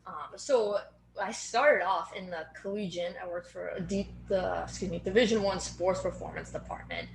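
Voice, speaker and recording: A woman's voice: mid-range voice, very animated, moderate pace, creaky. A woman in her thirties with a Boston accent, a strength coach talking earnestly as an interview guest, with plenty of fillers. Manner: earnest, organized, frequent fillers. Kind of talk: casual interview conversation. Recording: roomy echo with faint background noise.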